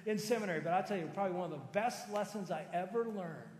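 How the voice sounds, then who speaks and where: A man in his fifties, a pastor preaching a sermon in a conversational, animated storytelling manner. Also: high-pitched, quick pace. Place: large church auditorium. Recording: echoey church hall with long reverb.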